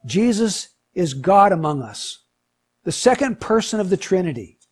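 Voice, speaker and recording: Animated husky male preacher. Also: moderate pace. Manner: animated, rising to emphatic peaks then dropping low. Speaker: pastor. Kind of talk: sermon.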